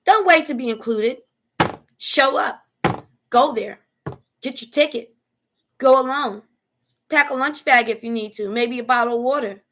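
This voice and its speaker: A woman's voice: fairly high pitch, measured pace, long pauses, fairly bright tone. A woman hosting a casual motivational live talk, preachy and emphatic, with slangy speech that keeps checking in with "okay?". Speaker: host.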